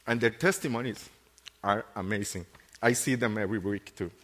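Earnest preaching man with halting restarts. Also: on the low side, fairly bright tone, long reverb tail. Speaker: pastor. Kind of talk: sermon.

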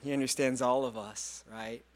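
A male pastor preaching a sermon, earnest and animated, stumbling over repeated words and joking about himself. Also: mid-range voice, normal speed. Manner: self-deprecating humor.

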